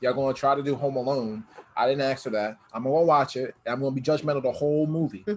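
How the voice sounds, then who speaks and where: Fast-talking joking man. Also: mid-range voice, steady tone. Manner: rapid, joking, restarts often. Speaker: podcast co-host. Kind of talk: casual chat.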